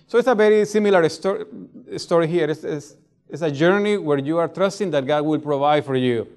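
Accented pastor preaching conversationally. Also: male voice, fairly high pitch, a little fast, darkish tone, clear, resonant tone. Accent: non-native English speaker. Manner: conversational preaching, frequent "right?" asides. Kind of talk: sermon.

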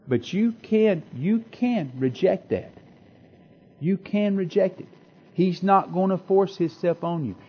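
A man preaching a sermon with passion, repeating phrases and swinging between loud declarations and hushed asides. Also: high voice, husky, muffled recording.

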